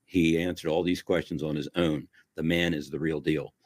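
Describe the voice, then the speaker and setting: Deep-voiced male host, folksy and gushing, closes like a preacher. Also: steady tone, normal speed, darkish tone, dry recording, clean studio sound. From Italian-American. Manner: folksy, effusive, preacherly sign-off. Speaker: show host. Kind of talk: casual interview wrap-up.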